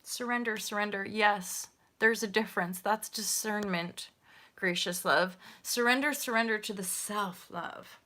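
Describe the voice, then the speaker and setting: Bright, animated woman tarot host. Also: mid-range voice, a little slow. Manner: animated, gushing, chatty with viewers, swears casually. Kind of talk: live-stream tarot reading.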